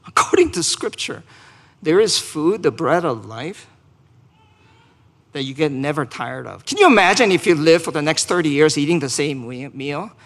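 A man's voice: a little high, expressive, normal speed, a bit bright, in a large hall. A man preaching a sermon and leading a closing prayer, speaking earnestly, asking the congregation questions and rising to emphatic peaks. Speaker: pastor.

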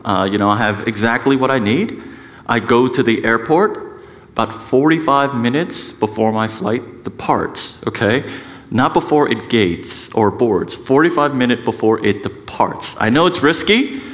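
Self-mocking pastor preaching in a reverberant hall. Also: male voice, mid-range voice, measured pace. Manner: conversational and self-mocking, with lively emphasis and frequent asides. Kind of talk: sermon. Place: church sanctuary.

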